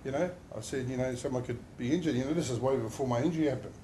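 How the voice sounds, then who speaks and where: A man's voice: mid-range voice, racing, mellow, slight background noise. Emotional man telling his story with fillers. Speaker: injured worker sharing his story. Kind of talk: safety talk testimony.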